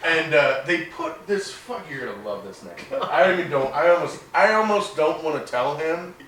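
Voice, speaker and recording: A man's voice: a little high, normal speed. A man co-hosting a casual podcast, telling a crude story with swearing and laughter. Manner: animated, swearing, laughing while talking. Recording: roomy distant mic with background noise.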